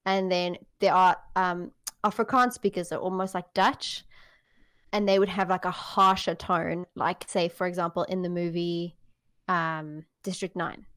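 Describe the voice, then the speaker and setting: A woman's voice: fairly low pitch, fairly even intonation, measured pace, fairly bright tone, smooth. A woman from South Africa with a South African accent, co-hosting a podcast in casual, chatty talk and laughing often. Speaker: podcast co-host. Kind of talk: casual chat.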